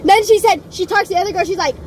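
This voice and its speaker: Young woman, very high voice, animated chatty storyteller, noisy outdoor background. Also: racing. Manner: chatty, animated, many fillers. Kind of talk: casual storytelling.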